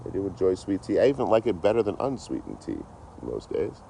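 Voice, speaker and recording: A man's voice: low voice, huge pitch swings, fairly quick, vocal fry, dark tone, a little hiss or hum. A man from Detroit rambling casually and swearing a lot on an outdoor livestream, talking into his phone. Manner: rambling, heavily profane. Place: outdoors, by a road.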